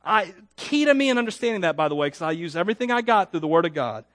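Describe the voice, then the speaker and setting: A high-pitched man preaches to his congregation in a chatty, self-deprecating way. He pushes certain words loud and lets others drop quiet, often turning to ask the people questions. The sound is dry and close, with no room echo. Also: big pitch swings, racing. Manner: swings between loud emphatic peaks and quiet dropped endings. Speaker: pastor. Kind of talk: sermon.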